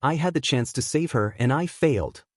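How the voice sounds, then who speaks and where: A man voices an earnest teenage boy hero who blames himself, delivering the lines in a raised, emotional way. His mid-range voice has lively intonation and a moderate pace, close to an everyday voice, in a dry, clean studio recording.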